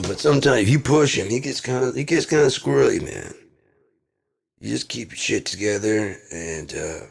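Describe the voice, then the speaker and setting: A man delivering a rambling comedic monologue in laid-back rocker slang, drawling and swinging from loud bursts to mumbles. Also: low voice, creaky, a little hiss or hum.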